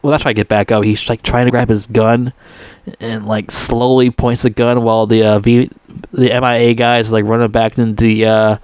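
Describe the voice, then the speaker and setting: A man's voice: mid-range voice, flat delivery, normal speed, a little mellow, smooth, no room sound. Brief: casual male movie reviewer, profane and rambling, heavy on fillers, dry close sound. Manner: profane, full of fillers and restarts. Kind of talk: casual rambling film recap.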